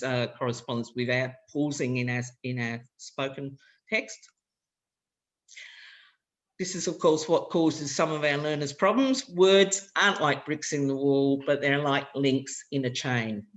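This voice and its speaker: A man's voice: on the high side, a bit bright. A man with an Australian accent presenting a practical workshop to language teachers, explaining ideas in a loose, conversational way and walking through examples.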